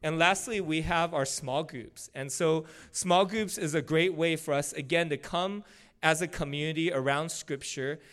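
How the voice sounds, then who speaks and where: Conversational pastor, smooth clear voice. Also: male voice, a little high, normal speed, a bit bright. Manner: casual, conversational preaching with frequent fillers. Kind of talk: sermon. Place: church service.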